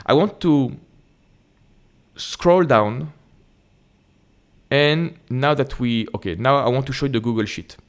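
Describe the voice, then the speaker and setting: A man with a French accent hosts an investing channel, walking through an earnings report and a spreadsheet on his screen. His voice sits in a middle range, and he reads haltingly, correcting himself and stopping for quick asides. The sound comes from a desktop computer mic. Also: mid-range voice. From France.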